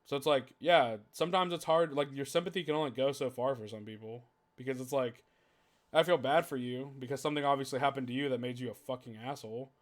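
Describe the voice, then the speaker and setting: A man's voice: medium pitch, fast. A man hosting a casual podcast, ranting heatedly with lots of swearing and "like" fillers. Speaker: podcast host.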